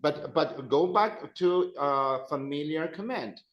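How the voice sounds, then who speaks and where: A man's voice: fairly high pitch, animated, slow, echoey room, lo-fi sound. A man teaching a language class, patiently repeating phrases for his students to drill. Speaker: Spanish teacher.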